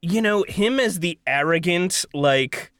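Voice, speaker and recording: An enthusiastic man co-hosting a casual podcast, laughing often. His voice is bright and forceful, with a lively, animated pitch. It is recorded dry and close on the mic. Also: slow pace, clean tone, no room sound. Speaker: podcast co-host. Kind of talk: casual chat.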